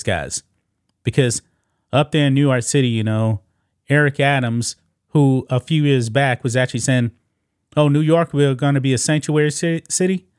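A man's voice: medium pitch, no echo. Male commentary host, casual and scoffing, addresses viewers as guys, dry room. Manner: talks straight to viewers, calls them guys; reads news quotes aloud, scoffing.

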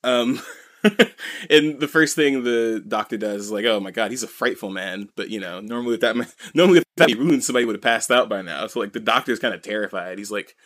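A man's voice: medium pitch, lively intonation, fast, fairly bright tone. A man co-hosting a podcast, recapping a comic in casual chat, rambling and full of "you know" and "like". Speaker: podcast co-host.

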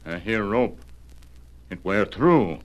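Terse frontier sidekick, slow and clipped, 1940s radio drama. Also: male voice, on the low side, lively intonation, low-quality recording. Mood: calm. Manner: clipped broken phrasing. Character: terse male frontier companion.

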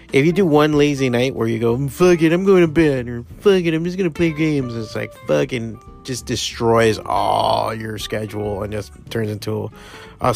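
A man's voice: mid-range voice, creaky. A middle-aged man hosting his own podcast from his studio, rambling casually and swearing freely with self-deprecating humor. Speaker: podcast host, comic shop owner. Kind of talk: casual solo podcast talk.

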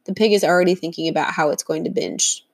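A woman's voice: low-pitched, fast, vocal fry. A woman speaking as a diet coach in a motivational teaching monologue, earnest and firm, acting out the inner voices she describes.

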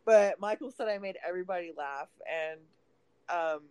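A woman's voice: lowish voice, normal speed, a little mellow, clear, resonant tone, dry recording, low-quality recording. A woman co-hosting a casual chat podcast, laughing often and swearing freely, while she recovers from a broken leg. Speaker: podcast co-host.

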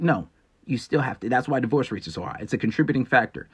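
A man's voice: medium pitch, fast talker, husky. A man hosting a solo podcast, talking bluntly and with profanity as he lectures his listeners. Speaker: podcast host. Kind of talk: casual solo podcast monologue.

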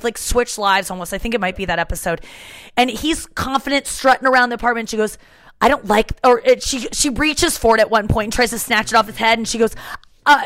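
A woman hosting a podcast, chatting casually and retelling scenes with lively acted-out lines. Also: high voice. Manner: animated storyteller, acts out scenes. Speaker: podcast host. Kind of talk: casual chat.

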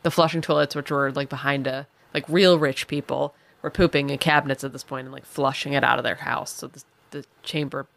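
A woman's voice: very deep voice, fairly even intonation, brisk, gravelly, hardly any pauses, a bit bright, no room sound. A woman co-hosting a comedy podcast, telling a history story in a playful, laughing way. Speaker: podcast co-host telling a true-crime story. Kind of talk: casual comedy chat.

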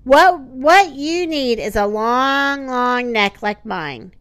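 A woman's voice: high-pitched, lively intonation, slow, fairly bright tone, clean tone, no echo, full character voice. A woman reading aloud and voicing a blunt, lofty female giraffe who speaks in a matter-of-fact way. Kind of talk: storybook read-aloud.

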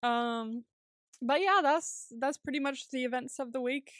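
A young woman co-hosts a podcast, her voice sitting high, unhurried and a little bright, recorded at studio quality with no room sound. She chats casually and tells stories, laughing often and acting out quotes.

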